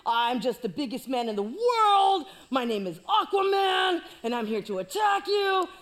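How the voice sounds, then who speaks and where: A woman voicing a boastful giant warrior who shouts mocking taunts. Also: sing-song, slow pace, heavily acted. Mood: loud taunting. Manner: shouting, booming mockery.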